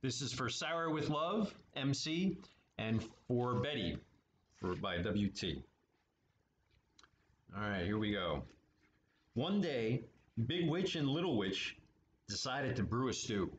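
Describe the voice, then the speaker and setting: Playful man reading to kids, animated lilting voice, echoey boomy room. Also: takes it slowly, long pauses. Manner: playful, chatty asides, lively. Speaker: storytime reader at art studio. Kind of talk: children's read-aloud with asides. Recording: echoey room, muffled, faint hiss.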